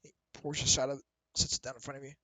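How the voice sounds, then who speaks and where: A man's voice: medium pitch, flat delivery, fast talker, pushed and bright, no echo, rough recording. A man narrating casually as the game master of a tabletop game, with frequent fillers. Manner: casual, laid-back, with fillers.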